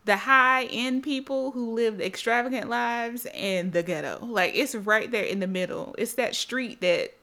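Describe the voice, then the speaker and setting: A woman's voice: a little high, measured pace, hardly any pauses, sharp tone. A woman on a podcast telling a personal story in casual chat, acting out her own reactions and swearing. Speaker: podcast co-host.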